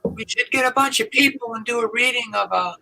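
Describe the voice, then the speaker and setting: A man's voice: very high-pitched, fast, vocal fry, sharp tone, poor audio. A man chatting casually on a group stream, making dry teasing remarks.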